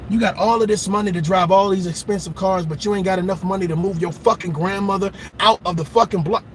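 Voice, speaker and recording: A man with a high-sitting voice talks at a quick pace, slight background noise behind him. Hosting a reaction channel, he delivers an impassioned, profane, preachy rant as ranting commentary.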